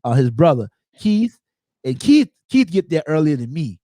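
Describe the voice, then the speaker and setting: A man's voice: a little high, very animated, moderate pace, warm tone, no room sound. A man hosting a casual movie review chat, talking in an easygoing way and telling personal anecdotes. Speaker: host.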